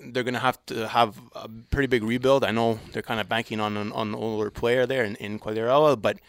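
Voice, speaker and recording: A man co-hosting a podcast in casual sports chat, talking hesitantly with many pauses and restarts. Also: mid-range voice, steady tone, dry recording, studio quality. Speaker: podcast co-host.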